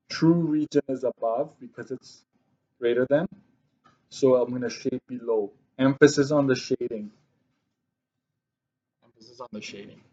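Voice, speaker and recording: Here a man teaches math, talking his students through the work step by step and fixing his own mistakes as he writes on the board. His voice sits at medium pitch with a darkish tone, and the audio sounds dull.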